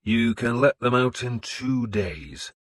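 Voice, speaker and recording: A man voicing a hardened, blunt warlord who gives gruff commands. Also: mid-range voice, animated, slow, dry recording, voice pushed up. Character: hardened middle-aged male warlord, blunt. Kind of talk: audiobook character voice.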